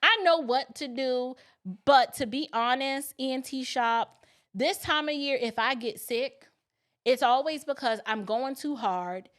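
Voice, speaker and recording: A woman's voice: high-pitched, unhurried, a bit bright. A middle-aged woman who grew up in New York City, hosting a casual livestream and chatting in a folksy way straight to her viewers. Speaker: livestream host.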